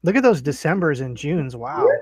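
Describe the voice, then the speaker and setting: A man's voice: a little high, sing-song, normal speed, husky, no echo. A man co-hosting a casual chat, making wry, dry jokes. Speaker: podcast co-host.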